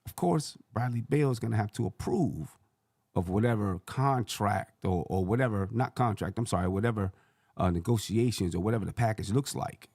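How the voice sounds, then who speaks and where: A man's voice: lowish voice, moderate pace, a little mellow, breathy edge, no room sound, studio quality. A man hosting a sports channel, rambling through casual basketball commentary and correcting himself as he thinks aloud.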